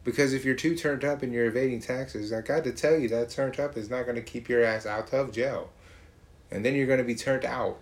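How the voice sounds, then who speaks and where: A man's voice: medium pitch, moderate pace. Profane ranting man. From Georgia, US. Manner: profane, mocking, animated. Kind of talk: casual rant.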